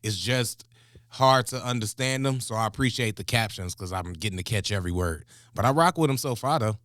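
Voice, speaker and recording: Laid-back low-voiced man hosting. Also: brisk, no room sound, studio quality. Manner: laid-back, chuckling, giving shout-outs. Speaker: reaction show host. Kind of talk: casual reaction chat.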